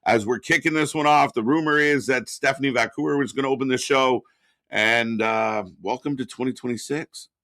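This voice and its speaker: A man's voice: medium pitch, pushed and bright, dry recording. A man co-hosting a live wrestling watch-along stream, chatting casually, laughing often and greeting chat viewers by name.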